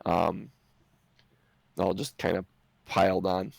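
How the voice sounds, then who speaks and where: A man's voice: deep voice, flat delivery, slow, vocal fry, no room sound, poor audio. A man narrating as game master in a tabletop game, describing scenes and chuckling often.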